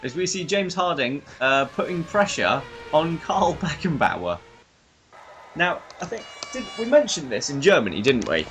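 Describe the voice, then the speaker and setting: A young man commentating a racing game in a lively, chatty way, often stumbling over driver names. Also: fairly high pitch, measured pace. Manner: animated, self-deprecating, stumbles over names. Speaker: race commentator.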